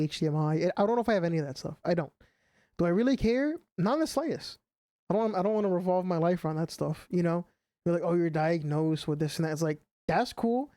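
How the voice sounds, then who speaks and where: A young man streams a game and chats casually, rambling along with plenty of "like" and "you know" fillers. His voice sits on the high side with a warm tone, and there's no room sound.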